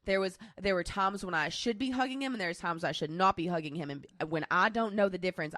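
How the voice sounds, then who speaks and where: A woman in her twenties co-hosts a casual podcast and tells a personal story candidly, rambling and restarting as she goes. Her voice sits a little low. The sound is dry and close. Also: quick pace, few pauses, fairly bright tone, no echo. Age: 20s. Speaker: podcast co-host.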